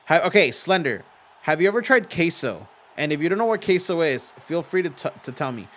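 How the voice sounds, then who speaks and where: An adult man with young children hosts a casual livestream for his simulated wrestling league from a home green-screen setup. His voice is on the high side, very animated, brisk and fairly bright, and he reads viewers' messages aloud, chats with them, swears and laughs easily.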